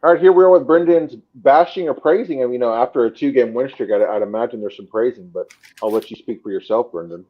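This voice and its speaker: A man hosting a sports podcast, introducing a segment and handing it over to a co-host in a relaxed way. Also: mid-range voice, fast, highs cut off. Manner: relaxed, hands off segments to co-hosts. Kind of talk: casual sports chat.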